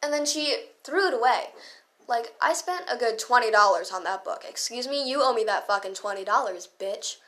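Teen girl venting on her vlog, kinda high voice, sarcastic, swears a lot. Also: animated, normal speed, a bit bright. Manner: ranting, swearing, sarcastic, laughing. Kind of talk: casual storytime vlog.

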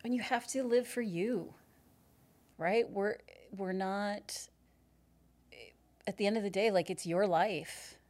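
A woman yoga instructor talking earnestly as a podcast guest, animated and laughing often. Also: medium pitch, slow, pauses often. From Canada. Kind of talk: casual podcast interview.

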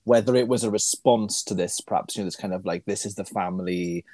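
Low-pitched man musing, dry. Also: fairly quick, warm tone, no echo. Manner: thoughtful, musing, trails off and restarts. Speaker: podcast co-host. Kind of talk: casual chat.

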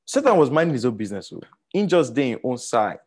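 A man with a Nigerian accent teaching a sermon, animated and repeating words for emphasis, with many fillers. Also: mid-range voice, quick pace, husky. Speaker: Bible teacher.

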